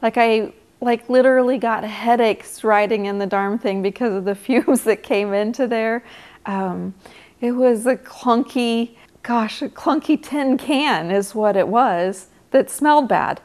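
A woman with a high voice and an unhurried pace reminisces in an interview. Her talk is chatty, colloquial and amused, with casual fillers. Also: darkish tone. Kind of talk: casual recollection.

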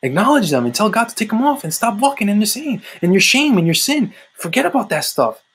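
A man's voice: high-pitched, sing-song, fairly quick, a bit bright, breathy edge. A man preaching a livestreamed sermon into his laptop, fervent and conversational, repeating his refrains. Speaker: street-style online preacher.

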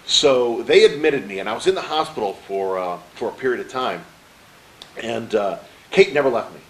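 A man's voice: medium pitch, normal speed, slight background noise, rough recording. A middle-aged man telling a personal story as an interview guest. He acts out the dialogue and keeps checking in with the listener. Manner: animated storyteller who acts out quoted dialogue; peppers his story with "right?" to the host. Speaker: interview guest, motivational speaker.

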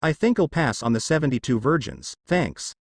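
A defiant young male hunter, as a man reads him, demanding and wry. Pitch moves lively; the sound is dry. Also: normal speed, no room sound.

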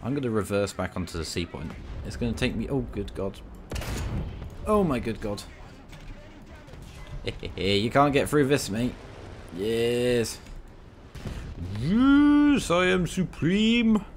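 British guy taunting enemies in a tank game, rambly and cheeky, pitch all over the place. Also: lively intonation, moderate pace, slight background noise. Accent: British English. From Britain. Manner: rambling, cheeky banter at enemy players. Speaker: gaming channel host. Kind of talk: playing a tank game with commentary.

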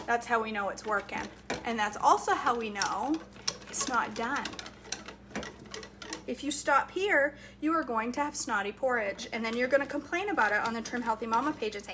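Cooking at her home stove, a woman vlogs for a nearby camera, chatting and joking in a playfully bossy way. Her voice is on the high side and moderately paced. Clattering pots and whisking fill the noisy background.

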